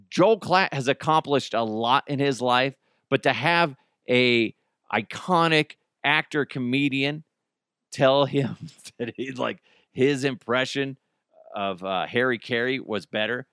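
A man's voice: medium pitch, a little slow, sharp tone, no echo, studio quality. A man hosting a casual solo podcast, joking and self-deprecating, laughing often. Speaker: podcast host.

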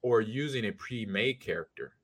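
A man co-hosting a podcast in casual chat, animated and quick to put on silly voices. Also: fairly low pitch. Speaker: podcast co-host.

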